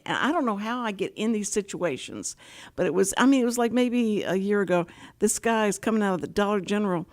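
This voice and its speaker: A woman's voice: medium pitch, expressive, a little fast. Chatty older woman host. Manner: chatty, rambling storyteller with many restarts. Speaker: talk show host. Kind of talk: casual talk show interview.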